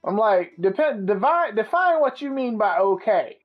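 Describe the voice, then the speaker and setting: Man, podcast host, swearing storyteller, fairly high voice, muffled sound, faint music. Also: moderate pace. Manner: profane, animated storyteller. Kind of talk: casual storytelling chat.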